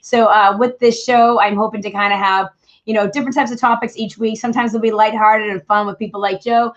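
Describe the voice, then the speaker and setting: Boston woman hosting a podcast, quick, chatty, slightly high, dull lo-fi sound. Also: level tone. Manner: chatty, many fillers, friendly. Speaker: podcast host. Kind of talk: casual chat and solo talk.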